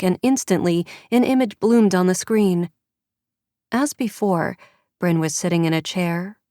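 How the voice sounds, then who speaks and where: A woman narrating an audiobook in a measured storytelling way. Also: on the low side, darkish tone, no room sound, clean studio sound. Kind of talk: scripted narration.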